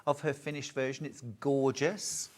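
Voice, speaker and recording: A man's voice: medium pitch, little pitch movement, moderate pace, background noise. A man presenting fabrics on a live sewing shopping show, chatty and enthusiastic, gushing over every print. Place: television studio.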